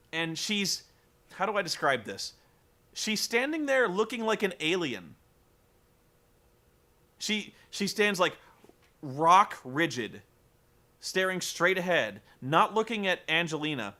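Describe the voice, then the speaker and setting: A man casually recapping a wrestling show, animated and joking, swearing freely. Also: a little high. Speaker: podcast host recapping wrestling. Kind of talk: casual chat.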